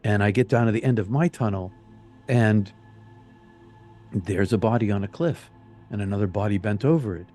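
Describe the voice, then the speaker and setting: A man being interviewed, telling his near-death experience in an earnest, halting way that repeats phrases. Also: on the low side, warm tone, soft background music. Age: young adult telling of age 20, now older. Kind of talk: personal storytelling interview.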